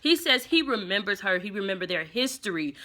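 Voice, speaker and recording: Bright-voiced woman recapping a soap. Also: medium pitch, very animated, a little fast. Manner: chatty, opinionated, acts out characters' lines. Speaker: soap opera reviewer. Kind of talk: casual episode recap and commentary.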